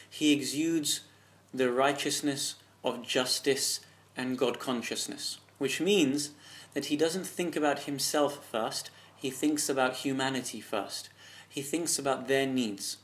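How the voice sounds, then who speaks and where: A man giving an earnest, impassioned religious talk, telling a story and asking rhetorical questions. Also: medium pitch. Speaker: religious speaker.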